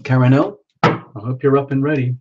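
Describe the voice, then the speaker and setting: A man's voice: medium pitch, fairly even intonation, a little fast. A man hosting a live tarot reading stream, chatting casually with viewers and reading out their names. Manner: chatty, self-talking, reads out viewer names. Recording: dull lo-fi sound with faint background noise.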